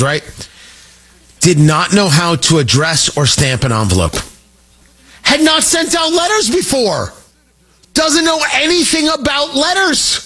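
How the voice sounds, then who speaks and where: A man's voice: high-pitched, bright, forceful tone, husky. A middle-aged man hosting a talk radio show, delivering an emphatic, opinionated monologue with joking asides into a studio microphone.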